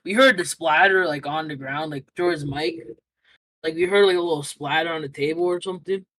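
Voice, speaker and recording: A man's voice: fairly high pitch, fairly quick, a bit bright, slight background noise, low-quality recording. A young man answering interview questions casually, rambling through a story with lots of fillers and restarts.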